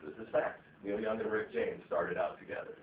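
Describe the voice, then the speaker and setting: A man's voice: on the low side, fairly even intonation, fairly quick, a little hiss or hum. A man doing a stand-up set, rambling and profane, with lots of fillers. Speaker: stand-up comedian. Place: comedy venue stage. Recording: echoey, tinny, distant live recording.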